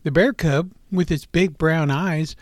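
Man, children's storyteller, gentle and expressive; high voice, dry close sound. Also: a little slow, dry recording.

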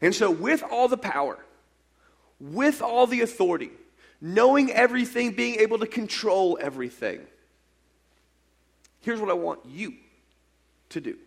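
High-voiced man preaching animatedly. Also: big pitch swings, measured pace, creaky, pauses often. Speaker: pastor. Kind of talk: sermon.

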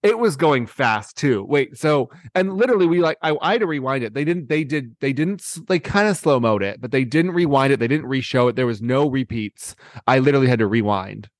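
Excited rambling man, dry sound. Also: medium pitch, a little fast, few pauses, no echo. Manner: excited rambling storyteller, many fillers. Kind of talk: casual chat.

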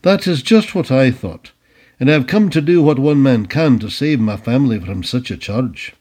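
A man's voice: medium pitch, animated, normal speed, darkish tone, close to an everyday voice. A man voicing a bold, earnest young soldier. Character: young male Scottish soldier, bold and polite.

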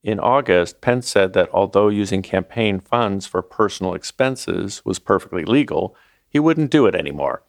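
A man narrating a documentary as its host, in a measured, scripted delivery. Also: deep voice, lively intonation, creaky, no echo, clean studio sound.

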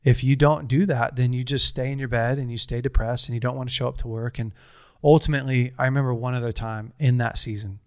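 A man's voice: mid-range voice, steady tone, fast, clean tone, dry recording, clean studio sound. A man in his thirties telling a personal story in casual conversation, earnest and rambling, with frequent restarts.

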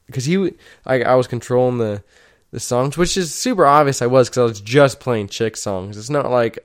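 A young man talks through his weekend in a loose, rambling way, swearing freely and breaking into laughs. His voice is smooth and clear, sitting at an ordinary middle pitch, and he jumps up higher whenever he quotes a friend. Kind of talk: casual storytelling.

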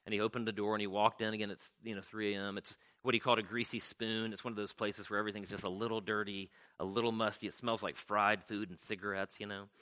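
A man's voice: on the low side, level tone, fast talker, hardly any pauses, pushed and bright. A man retelling a story to an audience in a loose, chatty way, full of fillers and restarts. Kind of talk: conversational storytelling talk.

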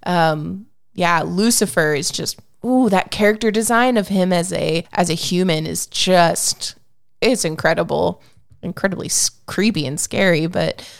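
A woman's voice: on the low side, measured pace, gravelly, no echo, studio quality. A woman co-hosting a podcast, chatting casually about a film, laughing often and retelling scenes with animation. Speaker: podcast co-host. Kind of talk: casual movie review chat.

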